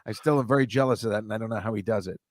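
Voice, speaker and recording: A man's voice: fairly low pitch, rapid-fire, no room sound, studio quality. Chatty middle-aged male podcast host. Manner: chatty, rambling, jokey asides to the chat. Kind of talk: casual livestream chat with viewers.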